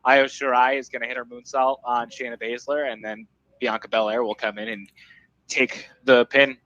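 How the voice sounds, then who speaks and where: Bright-voiced young man chatting. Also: mid-range voice, flat delivery, moderate pace, dull audio. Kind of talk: casual chat.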